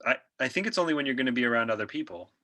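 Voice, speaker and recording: A man improv performer in casual chat, low-key and hesitant with stumbling starts. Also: expressive, rapid-fire, pushed and bright.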